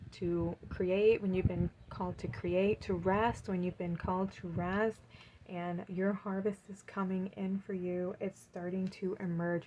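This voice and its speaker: A woman giving an encouraging tarot card reading, gushing with warmth and reading card affirmations aloud. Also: on the low side, slight background noise, low-quality recording.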